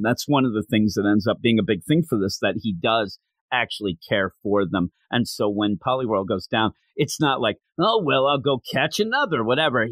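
A man co-hosting a podcast, chatting casually and excitedly as he reviews a manga chapter and acts out lines from it. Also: lowish voice, no room sound. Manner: animated, excitable storyteller acting out quotes. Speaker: podcast co-host.

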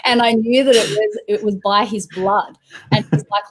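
A woman's voice: mid-range voice, steady tone, normal speed, a little hiss or hum. A woman in casual conversation, earnestly telling an emotional story of a prayer experience. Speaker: host. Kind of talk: casual chat.

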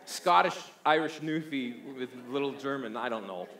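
A man's voice: mid-range voice, lively intonation, moderate pace, bright, forceful tone, roomy sound. A man preaching a sermon energetically, often repeating words as he restarts. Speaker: pastor.

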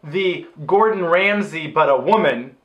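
A man co-hosting a movie review podcast, bantering quickly and agreeably. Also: on the high side, expressive, fairly bright tone, dull audio, slight background noise. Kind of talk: casual chat.

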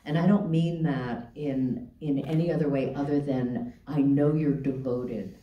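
A woman moderator asking measured, encouraging questions in an onstage interview. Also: a bass voice, steady tone. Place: theater stage. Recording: echoey theater, distant dull mic.

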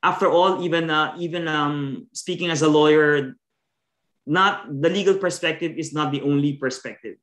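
A man gives a scholarly talk as a discussant, his voice pitched slightly above the usual male range. He moves at a measured pace, leaning on fillers and small restarts. The video-call audio sounds roomy and echoey. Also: a bit bright. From Philippines. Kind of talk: academic lecture.

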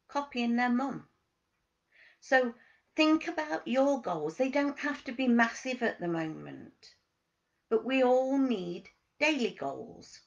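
A woman giving a motivational wellness talk as a coach, asking gentle questions and stressing key words. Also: on the high side, lo-fi sound.

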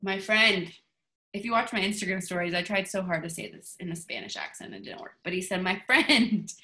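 A woman's voice: fairly low pitch, fairly quick, pushed and bright. A woman giving a motivational talk to her team over a video call, in a chatty, gushing way. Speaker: team leader.

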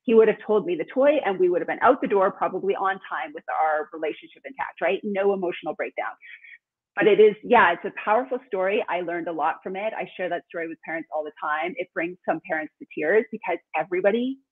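A woman guest, an author and speaker, telling a lively story in conversation over a remote call. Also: on the low side, fast, slightly rough. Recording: tinny phone-line sound.

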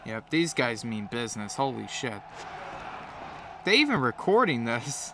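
A man's voice: mid-range voice, sing-song, measured pace, noisy background. A man with a cold giving profane, joking play-by-play commentary while playing a game. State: has a cold. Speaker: gamer commentator.

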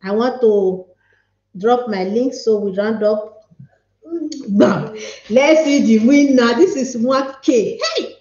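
A playful Nigerian woman hosts a live stream, chatting loosely and reading comments aloud. Her voice sits high and she talks at an unhurried pace. The sound is echoey and a little dull. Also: darkish tone. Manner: playful, chatty, mixes pidgin with English. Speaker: livestream host.

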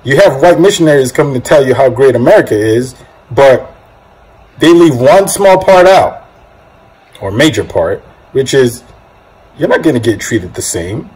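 A man from Nigeria hosting a casual commentary, speaking in a measured, reflective way with halting restarts. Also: medium pitch, lively intonation, a little mellow, breathy edge, rough recording. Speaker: host.

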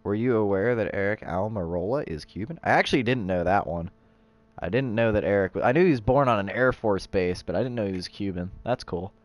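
A man streaming a racing game, chatting casually with viewers and bursting into excited race calls. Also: on the low side, fairly quick, dry recording. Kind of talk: casual livestream chat with race commentary. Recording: game sound in the background.

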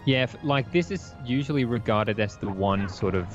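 A man's voice: lowish voice, animated, normal speed, music in the background. A man chatting casually on a game stream, laughing often. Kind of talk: casual chat over gameplay. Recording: slightly dull lo-fi mic.

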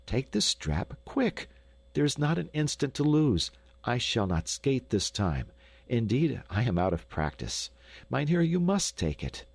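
A man voicing an earnest, humble young boy skater with a husky voice, pleading urgently in an audiobook. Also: mid-range voice, very animated, a little slow, no echo, voice pushed up, exaggerated voice. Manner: urgent, imploring, raised voice. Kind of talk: audiobook character voice.

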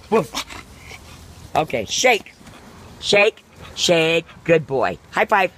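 A woman's voice: medium pitch, very animated, slow pace, pauses often, bright, forceful tone, slight background noise. A woman filming a home video, giving her dog commands and praise in a coaxing, sing-song pet-talk voice. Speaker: dog owner. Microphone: handheld phone camera.

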